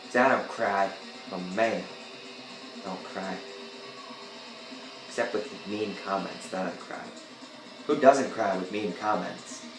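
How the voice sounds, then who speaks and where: Man hosting his own gameplay video: slow, rambling, goofy asides, sudden yelps; roomy sound with music under. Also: on the low side. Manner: rambling, joking, with sudden loud outbursts. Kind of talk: casual gameplay commentary. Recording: echoey room with game music behind.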